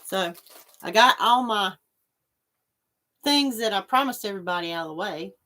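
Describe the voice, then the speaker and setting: A woman hosts a relaxed livestream and chats with viewers as she goes. She rambles easily from one thought to the next and stops to answer comments as they come in. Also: medium pitch, normal speed. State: coughing after choking on water. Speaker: livestream host. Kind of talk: casual chat with live viewers.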